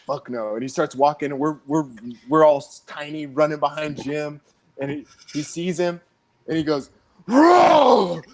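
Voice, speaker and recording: Brash, swearing man telling a story. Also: a little high. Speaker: panel guest. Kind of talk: casual storytelling chat.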